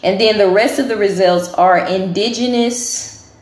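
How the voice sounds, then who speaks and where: A woman's voice: mid-range voice, unhurried. Chatty woman vlogger in an echoey room. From United States. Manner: chatty, thinking aloud while reading results. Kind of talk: casual talk to camera.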